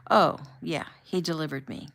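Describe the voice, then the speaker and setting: A woman reading the lines of an easygoing, good-humored young man in an audiobook, in a relaxed, mild way. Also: deep voice, normal speed, creaky, heavily acted.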